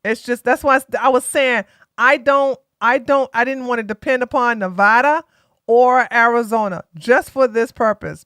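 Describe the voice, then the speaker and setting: A woman's voice: fairly high pitch, a bit bright, smooth, no echo, clean studio sound. A tired woman from Georgia, hosting a casual political live stream and talking bluntly to her chat. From Georgia, USA. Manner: blunt, sassy, talks straight to chat.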